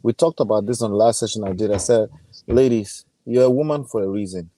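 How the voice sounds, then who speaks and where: A man with a Nigerian accent, a guest on a live stream, giving earnest advice in a halting way. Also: on the low side, warm tone, no echo. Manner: hesitant, with many fillers and restarts, earnest advice. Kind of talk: casual live-stream chat.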